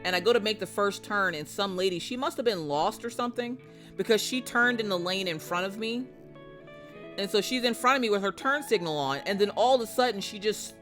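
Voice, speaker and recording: A woman streamer chatting live with her viewers, brash and profane, spinning jokey stories and bursting into loud mock rants. Her voice is bright and forceful, with a little music playing faintly behind her. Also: mid-range voice. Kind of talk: casual live-stream chat.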